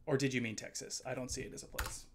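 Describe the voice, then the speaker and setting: A man streaming a video game, chatting casually and excitedly with viewers, with lots of swearing and jokes. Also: medium pitch, quick pace, noisy background. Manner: excitable, swears a lot, jokey. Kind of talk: casual gaming livestream chat.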